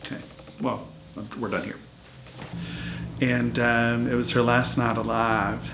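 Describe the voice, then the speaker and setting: Slow and mid-range, with little pitch movement, a man voices a brash 66-year-old woman living in a hotel who rambles through her life story, all fillers and restarts, for a mockumentary interview. The background is noisy, an echoey room with loud music underneath.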